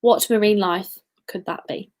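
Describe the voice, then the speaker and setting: A woman's voice: medium pitch, fairly even intonation, measured pace, darkish tone. A young woman hosting a casual livestream quiz, chatty and giggly with self-deprecating asides. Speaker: quiz host.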